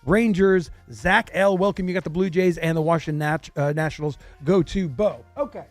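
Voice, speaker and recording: High-pitched guy running a card break stream, chatty and upbeat, small studio, faint music behind. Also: animated, normal speed, hardly any pauses, no room sound. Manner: upbeat, chatty, reads names off a list with many fillers. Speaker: card break show host.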